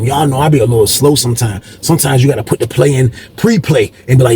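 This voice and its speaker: A man casually telling a personal story to viewers, animated and slangy, often turning to them with "y'all". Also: medium pitch, fast talker, gravelly, few pauses, slight background noise.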